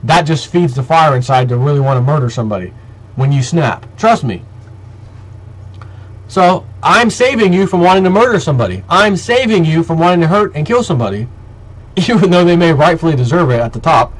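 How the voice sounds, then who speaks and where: Ranting man with a higher voice. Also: animated, fairly quick, poor audio. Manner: ranting, emphatic, repetitive lists. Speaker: vlogger. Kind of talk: heated monologue to camera.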